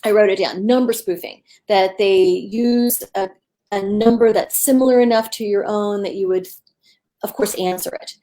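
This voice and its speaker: Woman guest medium telling a story, casual and rambly, lots of um and like, mid pitch. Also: moderate pace. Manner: rambling, animated retelling with fillers.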